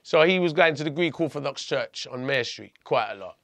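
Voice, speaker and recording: Gravelly, bright-voiced man telling a story. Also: medium pitch, a little fast, no room sound. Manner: animated, blunt storytelling with frequent restarts. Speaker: podcast guest. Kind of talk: telling a personal story in conversation.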